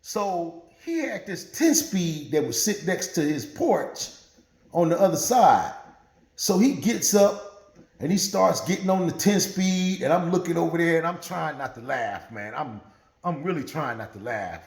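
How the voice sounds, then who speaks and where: A man's voice: fairly high pitch, a little slow. A man telling a true story in a casual, profane, laughing way, with roomy echo. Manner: profane, animated, laughing often.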